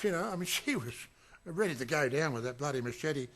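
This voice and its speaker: With a slightly high, brisk voice, a man reminisces casually about a film shoot, rambling with plenty of fillers and restarts. He acts out quotes with sudden loud shouts.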